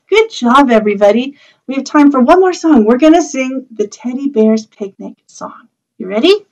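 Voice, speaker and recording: A woman's voice: high voice, expressive, moderate pace, highs cut off. A young woman librarian leading a children's storytime, reading a picture book, chanting rhymes and singing in a sing-song, coaxing way.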